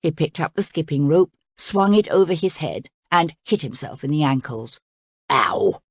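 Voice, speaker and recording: A woman reading a children's story aloud in an expressive, lively way. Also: low-pitched, normal speed, slightly rough, no echo, studio quality. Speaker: storybook reader.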